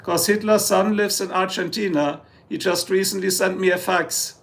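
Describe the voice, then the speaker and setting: A man's voice: sits high, steady tone, moderate pace, gravelly, a bit bright. A German man with a German accent, hosting a casual live stream, joking and rambling as he answers chat. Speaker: livestream host.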